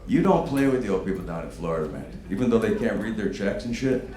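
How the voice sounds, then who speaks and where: A man delivering a stand-up set in a brash, profane manner, his pitch swinging widely as he talks. His voice rings through an echoey room over loud background noise. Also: fast. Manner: brash and profane, with animated bursts. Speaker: stand-up comedian. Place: comedy stage before a live audience.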